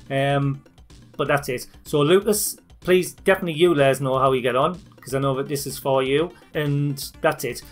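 A man from northeast England with a broad northeast English accent, talking through a software tutorial for his channel in a chatty, informal way. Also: mid-range voice, normal speed, faint music behind. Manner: chatty and informal, with fillers and restarts. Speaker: YouTube channel host. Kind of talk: screen-recorded tutorial walkthrough.

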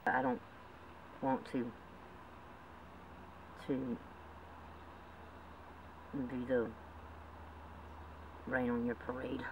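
A man's voice: mid-range voice, completely flat delivery, very slow, creaky, long pauses. A man talking in a rambling, emotional way in a homemade drama, with frequent laughs. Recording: distant mic with loud background noise.

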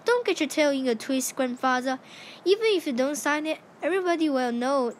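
A woman's voice: sits high, expressive, a little fast, slight background noise. A woman doing a flustered male mouse editor. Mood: nervous. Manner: flustered, nervous. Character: nervous mild-mannered male mouse newspaper editor.

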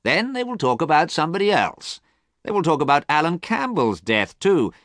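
A man voicing an amused, cynical gentleman in a storybook reading, slow and drawling. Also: fairly high pitch, very animated, no echo, clean studio sound, voice pushed up.

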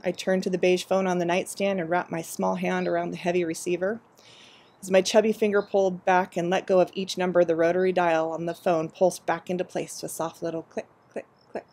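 A woman storyteller reading aloud a personal memoir story in a measured, reflective way. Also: fairly low pitch, little pitch movement, darkish tone.

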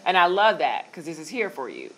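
A woman's voice: on the low side, brisk. Woman teaching a Bible study class. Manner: walks through steps on screen, relaxed with filler words.

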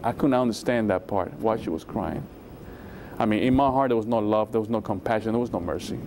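A man's voice: fairly low pitch, fast talker, darkish tone, slight background noise. A man giving an emotional testimony as a guest in a religious interview, acting out the voices in his story with sudden rises. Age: 20s.

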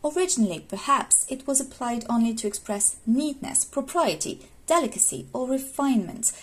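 A woman reading as a teasing, word-fussy young gentleman. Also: sits high, animated, normal speed, husky, pitched above the performer's own voice. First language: not English.

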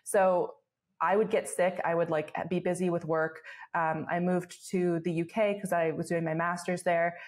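A young woman in her twenties, a podcast guest telling stories in casual chat, filler-heavy and laughing often. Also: fairly low pitch. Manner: fast storytelling with many fillers and laughs. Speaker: guest, travel blogger.

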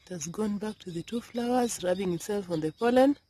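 A woman filming her vegetable garden outdoors, talking softly in a half-whisper as she narrates. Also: medium pitch, brisk, slight background noise. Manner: soft, half-whispered, coaxing. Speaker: gardening vlogger.

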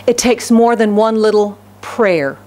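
A woman pastor preaching a sermon in a church. She swings between raised, fervent declarations and hushed, near-whispered pleading, and keeps putting questions to the congregation. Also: medium pitch, measured pace. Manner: asks the congregation rhetorical questions. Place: church sanctuary.

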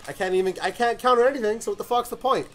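A young man giving live gameplay commentary, cursing and breaking into loud, frustrated outbursts. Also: very high-pitched, rapid-fire, faint music behind. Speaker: gaming commentator.

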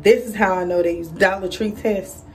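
Chatty vlogging mom, slightly off-mic. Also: female voice, mid-range voice, normal speed, recorded from a distance, a little hiss or hum, low-quality recording. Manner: chatty, animated quoted voices, many fillers. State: out of breath. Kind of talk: casual chat to camera. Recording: voice a little off-mic, faint music.

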